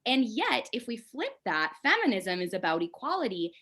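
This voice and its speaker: A woman's voice: on the high side, big pitch swings, normal speed, bright, forceful tone. A woman as a podcast guest, talking candidly and with animation in casual conversation, swearing now and then.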